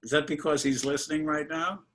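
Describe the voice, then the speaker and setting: A man's voice: fairly high pitch, fairly even intonation, fairly quick, fairly bright tone. A man in his seventies from Brooklyn, interviewing a guest over a video call in an effusive, emotional way. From Brooklyn, New York. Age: 70s.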